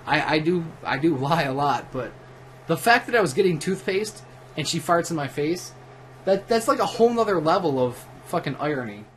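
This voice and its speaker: A man's voice: a little high, expressive, normal speed, a bit bright, a little hiss or hum. A drunk man livestreaming at home, telling a profane, rambling story in a casual way, with many restarts. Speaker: livestream host. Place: at home while gaming.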